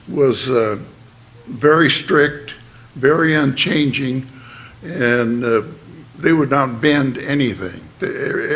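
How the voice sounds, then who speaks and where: A man giving a sermon, explaining plainly in a halting way with many fillers and restarts. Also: medium pitch, a bit bright. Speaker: church speaker.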